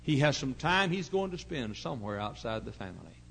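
A middle-aged man pastor preaching a sermon in an earnest storytelling way, dropping to hushed asides and rising to loud emphasis. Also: mid-range voice, big pitch swings, fairly quick, a little hiss or hum, rough recording. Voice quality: gravelly.

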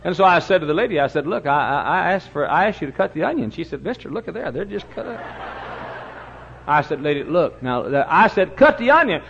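An older man preaching a sermon in a church, telling stories and swinging from booming shouts to low, quiet asides. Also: lively intonation, a little fast, vocal fry, a little hiss or hum. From Texas. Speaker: pastor. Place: church sanctuary. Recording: dull lo-fi recording.

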